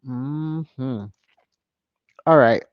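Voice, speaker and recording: Brief: host, casual livestream chat, lively whoops, dry and dull lo-fi sound. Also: very slow, clean tone, no echo. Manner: animated, with sudden high whoops and chuckles. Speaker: channel host. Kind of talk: casual livestream chat, reading viewer comments.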